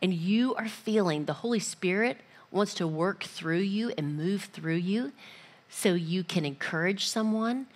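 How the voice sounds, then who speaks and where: A woman giving a casual, lively church teaching, often acting out little voices and dialogues. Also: medium pitch, measured pace.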